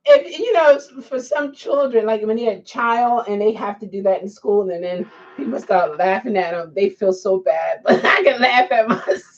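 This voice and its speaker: A woman vlogger with a medium-pitched, animated voice chats casually to camera for her viewers, often dissolving into fits of giggling laughter. Her delivery is slow and drawn-out, and the recording sounds muffled.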